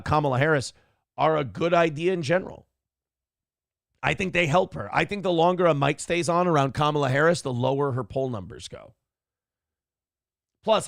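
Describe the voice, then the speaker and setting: A man's voice: medium pitch, vocal fry, no room sound, studio quality. A man hosting a livestream morning commentary show, blunt and profane, rambling through opinions and reading chat comments aloud.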